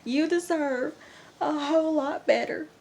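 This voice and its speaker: A woman voicing a worried middle-aged mother with a Southern country twang, speaking high and earnestly. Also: very animated, normal speed, darkish tone. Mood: tearful pleading.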